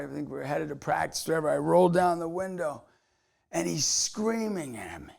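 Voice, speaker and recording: Brief: energetic middle-aged male motivational speaker, high-pitched and gravelly. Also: fairly quick. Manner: emphatic, energetic, storytelling. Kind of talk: motivational talk to camera.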